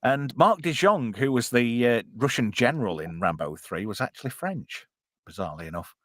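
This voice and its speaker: Chatty male host, lively pitch. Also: normal speed, no room sound, studio quality. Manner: chatty, jokey, filler-heavy, reads chat aloud. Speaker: podcast host watching a film with chat. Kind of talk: casual live watch-along chat.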